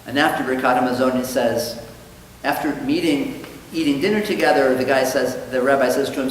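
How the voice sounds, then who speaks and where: A rabbi leads a conversational Talmud class in a synagogue study hall, speaking in a mid-range voice at a slightly quick clip. He's thoughtful, but when he acts out the quoted dialogue in his stories his voice livens up. The mic is distant and the hall is very echoey, with faint noise.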